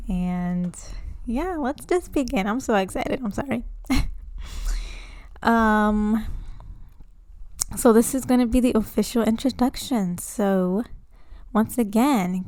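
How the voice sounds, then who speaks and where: Young female podcast host, casual and rambling, nervous excitement, clean dry home recording. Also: medium pitch, clean tone, no room sound. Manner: chatty, nervous and excited, many fillers. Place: home room, indoors. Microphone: home microphone.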